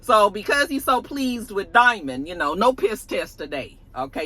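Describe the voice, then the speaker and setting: A TV reviewer recaps an episode in a loose, animated, profane way and slips into the characters' lines. The voice swoops widely in pitch and has a bright, forceful edge. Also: normal speed, a little hiss or hum.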